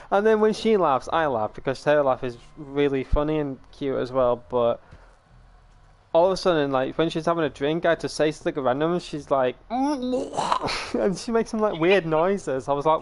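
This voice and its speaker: A man's voice: a little high, a little hiss or hum. Chatty British man streaming games. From Britain. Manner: chatty storyteller, addresses viewers as ladies and gentlemen. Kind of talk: casual gaming stream chat.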